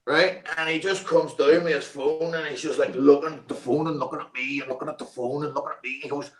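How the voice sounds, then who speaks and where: A man's voice: on the high side, a little fast. A man as an interview guest, casually telling a story, swearing freely and filling his talk with "like" and "you know what I mean". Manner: swears freely, animated anecdote-telling with many fillers. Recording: roomy echo.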